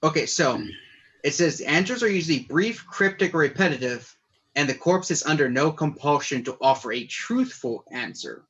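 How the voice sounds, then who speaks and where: A man's voice: fairly high pitch, expressive, moderate pace, fairly bright tone, breathy edge, lo-fi sound. A man playing a tabletop game, chatting casually and reading rules aloud.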